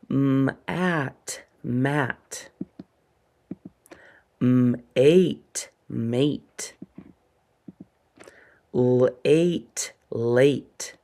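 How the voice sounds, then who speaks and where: A male teacher leads a phonics lesson at a very unhurried pace. He sounds out each word letter by letter before saying it whole, and his voice carries a gravelly edge. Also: mid-range voice, darkish tone. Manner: slow, deliberate sounding-out of words.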